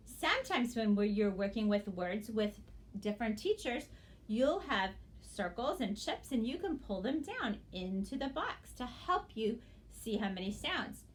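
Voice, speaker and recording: A woman teacher giving a phonics lesson to young children, sounding out words slowly and praising often. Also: a little high, slight background noise. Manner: slow, exaggerated sounding-out of words; encouraging praise.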